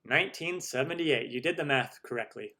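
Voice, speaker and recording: Man, middle-aged, live-stream host, chatty, rambling, mid-pitched voice, casual Q&A. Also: a little fast, sharp tone. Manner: rambling, chatty, many restarts and laughs.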